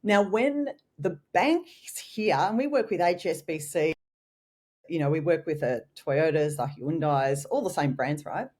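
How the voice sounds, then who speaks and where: An Australian woman, a guest trainer in a podcast interview, telling lively stories and acting out customer and collector lines. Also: low voice, a little slow.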